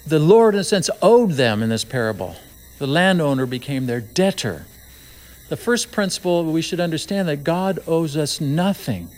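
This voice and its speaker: A man preaching a sermon in a conversational way, with asides and slow, emphatic phrases. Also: fairly high pitch, expressive, a little mellow. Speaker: pastor.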